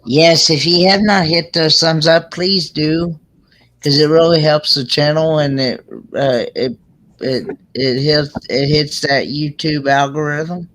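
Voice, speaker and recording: A man's voice: a little high, fairly even intonation, measured pace, fairly bright tone. A man hosting a casual live-stream chat on a headset, often stumbling and restarting his sentences. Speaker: host.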